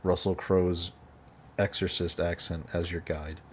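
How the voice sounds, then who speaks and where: A man's voice: low-pitched, little pitch movement, a little slow, slight background noise. A male podcast host in casual chat, chuckling often as he talks.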